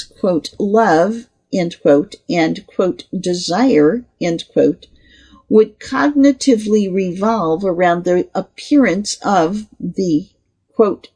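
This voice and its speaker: Slow gravelly voice reading aloud. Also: mid-range voice, a little mellow. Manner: reads quote marks and punctuation aloud. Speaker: article reader. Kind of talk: reading a scholarly article aloud.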